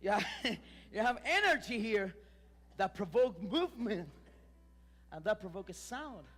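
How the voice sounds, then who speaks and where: A male pastor, preaching a lively sermon full of restarts and emphatic rises. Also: sits high, measured pace, long reverb tail. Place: church sanctuary.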